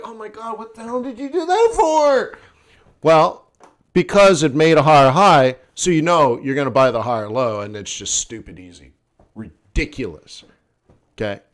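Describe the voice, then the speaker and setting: A tired man teaching forex trading live, blunt and sardonic as he thinks aloud over his charts. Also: a little high. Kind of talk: live-streamed trading lesson.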